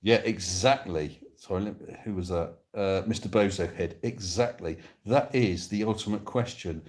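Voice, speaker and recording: A Devon man with a deep, unhurried, slightly mellow voice streams live from his phone while sitting on a sofa indoors. He chats casually and reads viewer comments aloud, joking around playfully.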